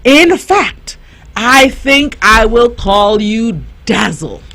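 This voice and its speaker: A woman voicing a proud, warm mother duck in a storybook, fussy and gushing. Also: on the high side, lively intonation, drawn-out words, exaggerated voice.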